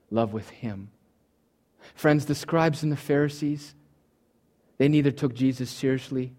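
Preacher man with big swings in volume. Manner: preaching with sweeping swings from loud emphatic peaks to soft low asides; acts out the listener's imagined thoughts in quoted voices. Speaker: pastor. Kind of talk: sermon.

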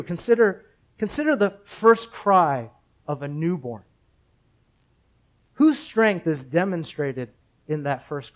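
A man delivers a sermon from the pulpit, building his points through repeated phrases and questions to the congregation. His voice sits a little higher than most men's, and his delivery stays measured and deliberate. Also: poor audio. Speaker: pastor.

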